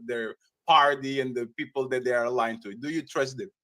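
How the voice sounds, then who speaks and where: A man debating on a casual live panel, animated and argumentative, often stumbling and restarting mid-sentence. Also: medium pitch, brisk.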